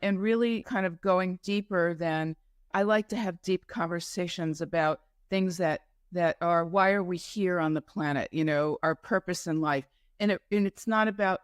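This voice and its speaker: A woman's voice: fairly low pitch, normal speed, clear, resonant tone, no echo, studio quality. A woman from New York, a guest in a casual interview, telling her story in a meandering way with many asides and self-corrections. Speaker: guest entrepreneur.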